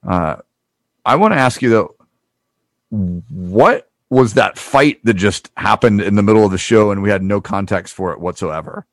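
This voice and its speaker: A man with a fairly deep voice talks through a TV episode in a relaxed podcast chat. He often stops on ums and uhs as he gathers his thoughts. The recording is dry and close, with no room sound. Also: dry recording. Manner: halting, with frequent ums and uhs. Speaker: podcast co-host. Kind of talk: casual chat, recapping a TV show.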